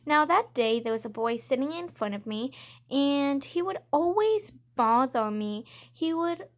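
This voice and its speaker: A woman's voice: high voice, animated, unhurried. A woman telling casual storytimes about school over gameplay, chatty and framing each quote with "I'm just like.". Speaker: storytime vlogger.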